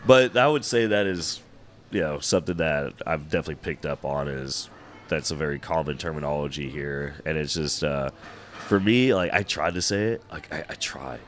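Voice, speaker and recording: A man's voice: a bass voice, normal speed, fairly bright tone, a little hiss or hum. A man from Texas, chatting as a podcast guest, telling laid-back stories and laughing often. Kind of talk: casual podcast chat.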